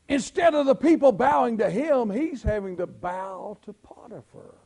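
A Southern preacher with a high, gravelly voice that leaps up and down as he preaches. He talks in a folksy storytelling way and rises to full shouts at the peaks of the sermon. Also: expressive, normal speed, hardly any pauses. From Southern United States. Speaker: pastor.

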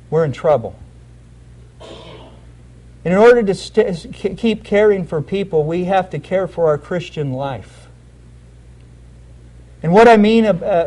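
A man's voice: high-pitched, dark tone, low-quality recording. A man giving an earnest, heartfelt sermon with a personal testimony. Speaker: lay preacher.

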